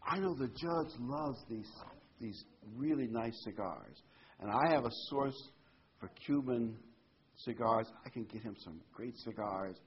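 A man voicing a scheming woman client who speaks in a hushed, confiding way. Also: medium pitch, expressive, measured pace, slight background noise, close to an everyday voice. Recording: dull lo-fi recording.

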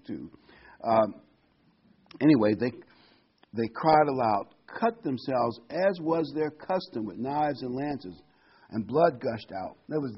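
Husky guy preaching, bouncy pitch, kinda dull lo-fi sound, lots of restarts. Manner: conversational, restarts often, animated storytelling. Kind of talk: informal sermon.

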